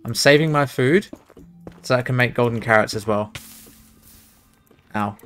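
A man's voice: mid-range voice, measured pace, fairly bright tone, soft background music. A young man streaming, talking to himself as he plays a speedrun, muttering and exclaiming at the game. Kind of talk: live commentary while speedrunning a game.

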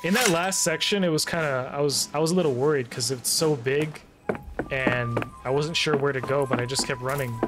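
A man hosting a gaming video, commenting excitably as he plays, talking to himself and his viewers and shouting at the game. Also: medium pitch, normal speed, music in the background. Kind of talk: let's-play commentary. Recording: loud game noise behind the commentary.

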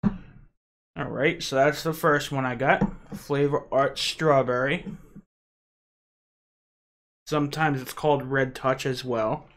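A man's voice: medium pitch, fairly even intonation, slow pace, long pauses, fairly bright tone. A man hosting a casual unboxing vlog, chatty and rambling, with frequent "uh" fillers. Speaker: channel host.

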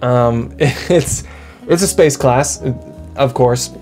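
A young man vlogging to camera in a loose, rambling way, poking fun at himself as he goes. His pitch sits mid-range for a man. Soft music plays faintly underneath. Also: extremely slow. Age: young adult. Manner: rambling and self-mocking, with frequent laughs and restarts. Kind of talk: casual chat to camera.

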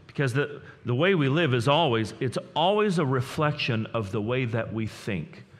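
A man preaching a sermon as pastor, energetic and building to excited peaks, often repeating words as he gets fired up. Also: mid-range voice, normal speed. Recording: long hall reverb.

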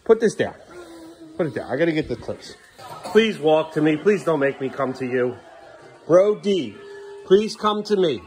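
Male dad vlogger, pitch on the high side, casual home vlog, exasperated, rambling, scolding tone. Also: sing-song, normal speed, darkish tone. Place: family home living room.

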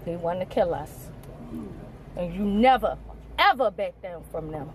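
A woman's voice: lowish voice, expressive, measured pace, a little hiss or hum. A woman in her twenties in a heated, defiant confrontation, profane and insistent, recorded on a phone inside a parked car. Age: 20s. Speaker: driver confronting police.

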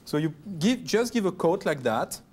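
A French-accented man in his thirties plays a TV pastry chef, demonstrating chocolate work with playful, step-by-step instructions in a kitchen studio. His fairly high voice swings widely in pitch and has a darkish tone, delivered at a moderate pace. He's chatty and joking throughout the cooking demo.

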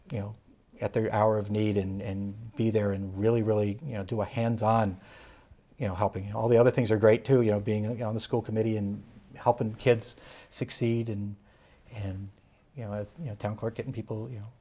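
A man's voice: on the low side, warm tone. A political candidate in an interview, a man talking in a rambling way, full of "you know" fillers, with a Massachusetts accent.

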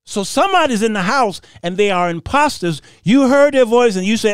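A man hosting a Bible commentary show, preaching in an animated, mocking way, laughing often and reading scripture aloud. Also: high-pitched, moderate pace, clean tone, dry recording, studio quality.

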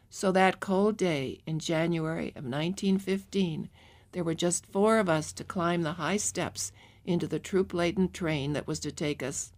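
Audiobook narrator: woman, low voice, calm and measured. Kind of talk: scripted memoir narration.

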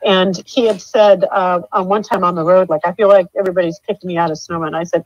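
A middle-aged woman telling her story in an interview, halting with many fillers and restarts, her voice rising when upset. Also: on the low side, fairly even intonation, dry recording. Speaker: mother of a missing man, interview guest. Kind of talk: emotional interview account. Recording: dull dry lo-fi sound.

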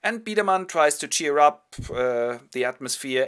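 A man's voice: fairly high pitch, animated, normal speed, fairly bright tone, smooth. A man retelling a stage play with wry, chatty, ironic narration. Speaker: host. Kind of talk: wry theatrical storytelling summary.

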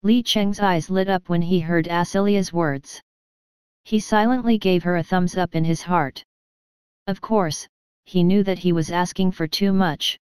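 A woman narrating an audiobook in a steady, even storytelling manner. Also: fairly low pitch, a little slow, smooth, no room sound. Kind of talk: scripted narration.

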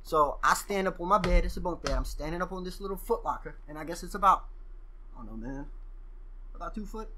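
Bright-voiced man telling stories, profane and animated. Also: sits high, fast, a little hiss or hum. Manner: profane, animated storyteller who acts out quoted exchanges. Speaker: podcast guest. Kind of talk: casual storytelling.

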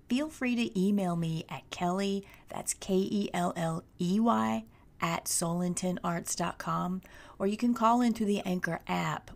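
A middle-aged woman hosting a podcast, speaking in a soft, hushed, unhurried way that often drops to breathy near-whispers. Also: fairly low pitch. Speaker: podcast host. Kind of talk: slow meditative spoken reflection.

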